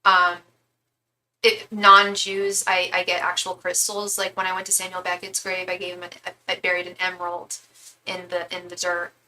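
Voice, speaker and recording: Young woman, tarot reader, rambling chatty storyteller, bright forceful voice, mid pitch. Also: slight background noise. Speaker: tarot reader and psychic medium. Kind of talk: casual live-stream chat.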